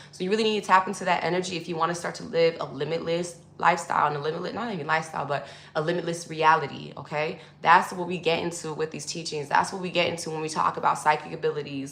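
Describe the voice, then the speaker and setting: Woman spiritual coach, casual teaching to camera with a slightly low voice and a room echo. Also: creaky, fairly bright tone. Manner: loose and conversational, full of fillers, addresses viewers as y'all. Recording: echoey room.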